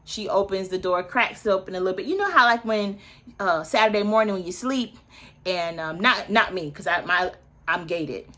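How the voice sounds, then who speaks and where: Woman in her early thirties, bright voice, chatty opinionated recap host, asides to viewers. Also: medium pitch, normal speed. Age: early 30s. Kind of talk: casual recap chat.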